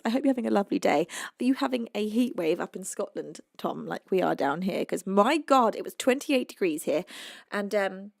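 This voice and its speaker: A young woman from southern England chats casually with her livestream audience from home, reading their messages aloud. Her voice has a gravelly, fry-tinged texture and sits at a middling pitch. The sound is dry and close, with no room echo. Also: lively intonation. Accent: English. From United Kingdom. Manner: chatty and emotional, reading out viewer messages, quick to laugh. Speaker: livestream singer and host. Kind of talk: casual chat with live viewers. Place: home, indoors.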